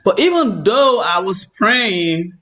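High-pitched male online preacher; earnest, rambling personal testimony. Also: sing-song, slow, sharp tone. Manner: earnest, repetitive, many "you know"s.

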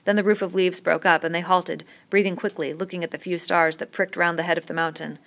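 A woman reading a novel aloud in a steady, measured narration. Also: lowish voice, gravelly. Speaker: audiobook reader.

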